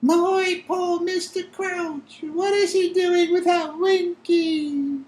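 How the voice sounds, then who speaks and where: Man doing a shrill, moaning female storybook elf, broken grammar, slow, roomy. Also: fairly even intonation, darkish tone. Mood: tearful. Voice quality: shrill, very high. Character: tearful female house-elf, loyal and scolding. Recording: roomy echo.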